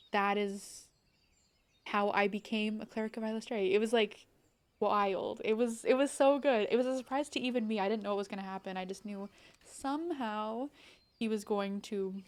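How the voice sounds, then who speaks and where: A young adult woman chatting casually on a game live stream, bubbly and rambling, full of "like" and quick laughs. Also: mid-range voice, fairly even intonation.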